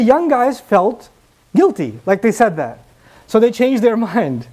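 A man's voice: extremely high pitch, big pitch swings, a little slow, darkish tone. A man preaching a sermon, earnest, repeating key phrases and asking the listeners rhetorical questions.

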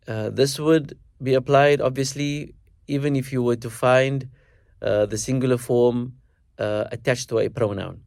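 A man teaching a recitation lesson, explaining stress in measured, deliberate phrases and slowing down to demonstrate words. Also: medium pitch, vocal fry, a little mellow, no room sound, clean studio sound. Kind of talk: instructional lesson with recited verses.

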